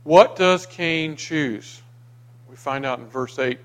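A man preaching a sermon, dramatic, going from loud emphasis to hushed near-whispers and reading scripture aloud with acted voices. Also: on the high side, takes it slowly. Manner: reads scripture aloud and acts out the quoted voices.

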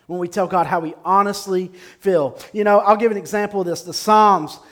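A man's voice: high voice, fairly even intonation, a little fast, a bit bright. A male pastor preaching a sermon at a church service, emphatic and repeating his key phrases.

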